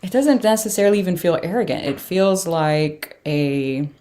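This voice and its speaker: A woman with a low-pitched voice reads tarot cards in a loose, chatty way. She talks through each card as it comes up and breaks in with startled exclamations. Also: lively intonation, normal speed, mellow. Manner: reacts aloud to cards with surprised exclamations and laughs. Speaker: tarot reader. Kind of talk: casual tarot reading.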